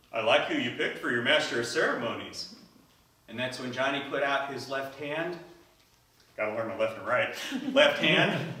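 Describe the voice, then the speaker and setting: A man telling a story live to an audience, acting out the characters' lines. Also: mid-range voice. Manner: animated, acts out the characters' lines. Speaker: storyteller at a speaking event. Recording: echoey hall, voice from a distance.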